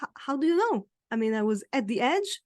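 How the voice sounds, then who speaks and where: A woman from Israel with an Israeli accent, speaking as an interview guest, animated and often laughing as she acts out what people say to her. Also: on the high side, brisk, dry recording, studio quality. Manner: animated, laughing, acting out quoted remarks. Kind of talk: conversational interview.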